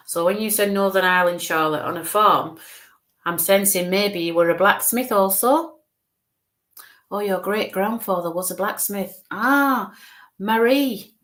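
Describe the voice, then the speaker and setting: A woman psychic medium giving live readings in a voice of middling pitch. She speaks to her viewers in a reassuring way and keeps saying "bless you". When she coaxes the spirits closer, her voice drops to a soft murmur.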